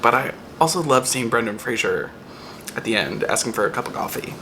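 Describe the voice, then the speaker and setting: Young male vlogger, excitable and foul-mouthed, mid pitch, audible background noise. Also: fairly quick. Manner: animated and profane, with sudden loud high outbursts. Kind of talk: casual rant-style review.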